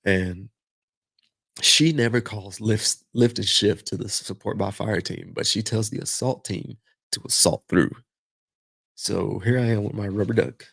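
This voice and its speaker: A middle-aged man with a low, gravelly voice tells a long story in a casual way, swearing freely and acting out what others said. The room sounds dry and close, with no echo. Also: measured pace. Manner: profane, animated retelling with quoted voices. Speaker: podcast host.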